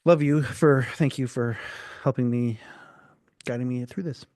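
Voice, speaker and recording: A man's voice: mid-range voice, unhurried, a little mellow, dry recording, studio quality. A middle-aged man, hosting a podcast in casual chat, joking and candid, laughing often. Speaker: podcast host.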